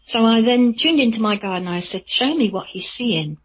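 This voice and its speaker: A woman, a psychic medium, telling chatty, rambling stories in a radio interview with a husky voice. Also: medium pitch, expressive, fairly quick, few pauses, highs cut off. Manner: chatty, rambling with many fillers.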